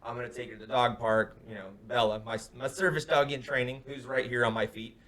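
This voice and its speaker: A young man, co-host of a casual talk show, telling a story with energy and acting out the other man's shouted lines, heard over a remote call. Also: medium pitch, fairly even intonation, quick pace. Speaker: podcast co-host. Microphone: headphones on, remote call.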